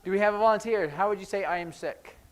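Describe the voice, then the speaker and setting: Man in a church classroom running a sign language lesson; rambling, jokey, pitched a touch high. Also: fast talker, rough recording. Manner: chatty, rambling, jokey asides. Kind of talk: casual classroom teaching.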